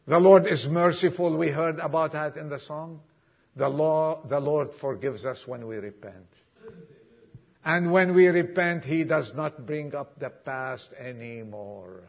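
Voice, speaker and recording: Male pastor, husky tone, emphatic sermon delivery with acted quotes, dull recording. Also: on the high side, measured pace. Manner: emphatic preaching with acted-out dialogue and sudden soft drops. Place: church congregation.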